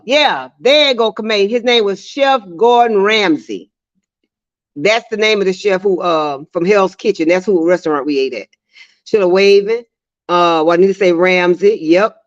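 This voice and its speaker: A woman's voice: medium pitch, no room sound. A woman hosting a casual livestream, chatting and laughing often as she reads viewer comments aloud. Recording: dry, slightly dull lo-fi sound.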